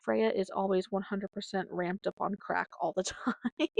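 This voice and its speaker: A woman's voice: medium pitch, steady tone, normal speed, gravelly, darkish tone, dry recording. A woman in her thirties hosting a podcast, rambling and chatting casually from home. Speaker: podcast host. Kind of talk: casual solo chat.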